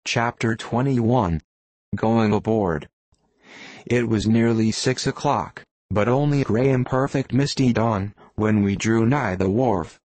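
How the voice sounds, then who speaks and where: A man reading a classic novel aloud as an audiobook narrator, in a measured, deliberate way. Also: fairly low pitch, a little mellow, no room sound. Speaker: audiobook reader. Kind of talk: scripted narration.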